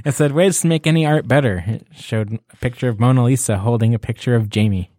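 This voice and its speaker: A man's voice: mid-range voice, dark tone, no echo, clean studio sound. A man co-hosting a podcast, joking in casual chat. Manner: slow, joking, laughs often. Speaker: podcast co-host.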